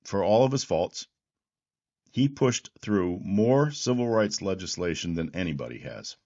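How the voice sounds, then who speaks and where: Deep-voiced man in his sixties. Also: lively intonation, unhurried, a little mellow, lo-fi sound. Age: 60s. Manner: rambling, with restarts and repeated words; reflective, history-minded. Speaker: host. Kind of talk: political commentary monologue.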